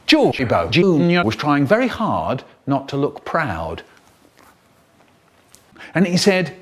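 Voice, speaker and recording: An older man telling a story in a spliced reading, animated and bursting into sound effects. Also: fairly high pitch, slow pace.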